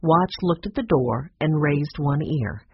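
Measured audiobook narrator, lively intonation. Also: mid-range voice, creaky, husky, dry recording, lo-fi sound. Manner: plain, measured storytelling.

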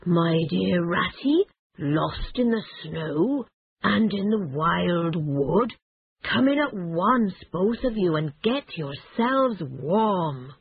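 Woman doing a deep, slow fatherly badger. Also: expressive, creaky, breathy edge, dry recording, heavily acted. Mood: concerned. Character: gruff old male badger, fatherly. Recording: tinny phone-like band.

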